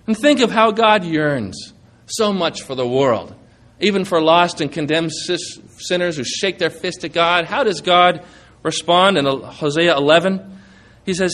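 A man's voice: fairly high pitch, a little slow, fairly bright tone. A man preaching a sermon, earnest and emphatic, quoting scripture and asking rhetorical questions.

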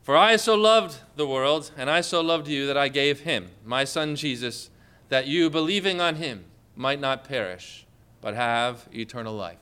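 A majestic lion king speaking as God, played by a man in a sermon, with a deep, dropped voice that stays smooth and resonant. He speaks slowly and tenderly, with solemn weight. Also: expressive, bright, forceful tone. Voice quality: deep, low voice.

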